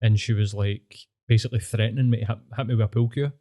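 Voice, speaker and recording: Talking fast in a fairly low, mellow voice with fairly even intonation, a Scottish podcast host chats casually. His storytelling rambles and is full of swearing.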